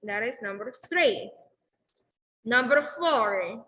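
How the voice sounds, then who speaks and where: A woman teaching an English class who explains slowly and keeps repeating okay and very good. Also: fairly high pitch, animated, pushed and bright, dull audio.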